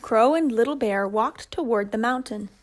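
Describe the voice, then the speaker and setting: A woman telling a children's puppet story in a gentle, measured way. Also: a little high.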